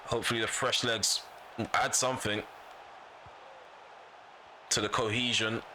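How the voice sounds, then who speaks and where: Male gaming YouTuber, bright tone, frustrated self-repeating commentary over a faint hum. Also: mid-range voice, flat delivery, a little slow. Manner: frustrated, vents and repeats himself. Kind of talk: casual gameplay commentary.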